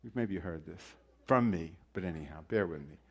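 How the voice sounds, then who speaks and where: A man's voice: low voice, animated, normal speed, creaky, breathy edge. A middle-aged man teaching a conversational sermon, wandering into joking asides and rhetorical questions. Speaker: Bible teacher.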